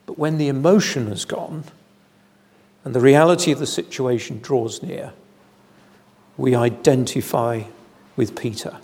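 A man preaching an evening sermon in a church, measured and deliberate, with solemn emphasis. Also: mid-range voice, darkish tone, slightly rough. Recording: long hall reverb.

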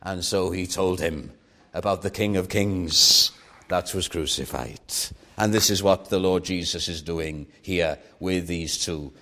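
A man's voice: deep voice, a little slow, bright, forceful tone. A man preaching a sermon at an evening church meeting, earnest and rising to fervent emphasis.

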